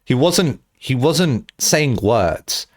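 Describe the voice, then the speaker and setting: A man's voice: medium pitch, drawn-out words. Rambling, swearing young man. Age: young adult. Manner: rambling, profane, laughs often, animated storytelling. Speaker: streamer. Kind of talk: casual stream chat.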